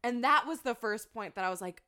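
A woman's voice: fairly high pitch, brisk. A woman co-hosting a casual podcast, telling a story animatedly and acting out what people said. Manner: animated storyteller, acts out quotes. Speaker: co-host.

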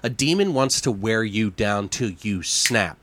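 A man chatting casually about a horror film, animated and swearing freely, with many fillers. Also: lowish voice, a little slow. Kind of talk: casual movie discussion.

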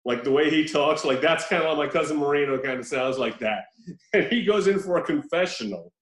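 A man's voice: fairly high pitch, animated, brisk. A man chatting casually about a movie on a podcast, laughing often as he retells scenes. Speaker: podcast co-host. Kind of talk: casual movie-review chat. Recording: roomy echo.

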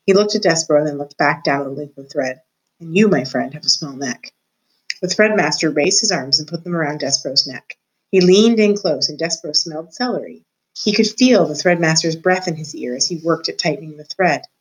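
A woman teacher reading a children's book aloud to her students in a clear, expressive, measured way. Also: low voice, rough recording.

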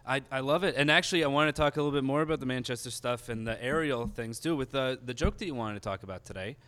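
A man's voice: mid-range voice, a bit bright, clear, resonant tone. A male podcast host, enthusiastic and casually swearing in an interview. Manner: enthusiastic, swears casually, quick filler-heavy talk.

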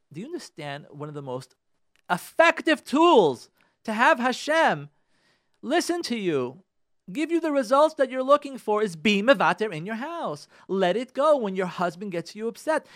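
Middle-aged man, radio host, inspirational religious talk, emphatic and repetitive, lively swinging pitch. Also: dry recording, clean studio sound. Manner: emphatic, repeats phrases for emphasis, addresses listeners directly.

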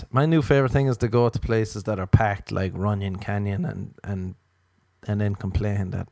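A man's voice: fairly even intonation, moderate pace, darkish tone, dry recording. Man rambling crudely, dry sound. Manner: crude, rambling, self-mocking, with sudden high-pitched exclamations. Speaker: podcast host. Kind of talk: solo comedic monologue.

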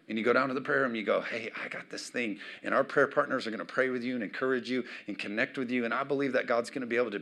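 A middle-aged man preaching a sermon as pastor, with emphatic swings between loud declarations and quiet asides. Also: mid-range voice.

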